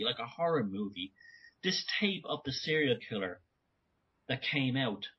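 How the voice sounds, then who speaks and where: A man speaking as a guest in an interview, animated and talking in bursts with frequent restarts. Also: medium pitch, slightly rough. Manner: animated, many restarts and asides. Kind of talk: conversational interview. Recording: dull lo-fi audio.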